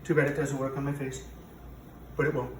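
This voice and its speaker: Here the speaker's voice is mid-range and delivered flatly and briskly, close to how he'd normally talk. He's a man parodying a rambling, self-contradicting president who brags his way through a cooking show in a home kitchen. The room echoes, the microphone is far off, and there's a bit of background noise.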